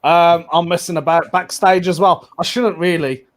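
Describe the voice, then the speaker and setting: A man's voice: on the high side, fairly even intonation, normal speed. A man hosting a casual online pun contest, cheery and giggly as he calls on contestants in turn. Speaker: host. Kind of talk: casual online comedy show.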